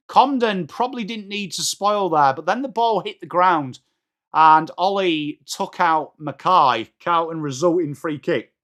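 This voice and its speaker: A man with an English accent doing live, excitable football commentary for a watchalong, joking and swearing and shouting at big moments. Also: fairly high pitch.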